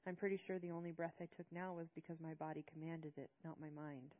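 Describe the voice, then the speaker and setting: Low-voiced woman narrating an audiobook. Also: fairly even intonation, a little fast, few pauses, dull audio. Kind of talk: first-person audiobook narration.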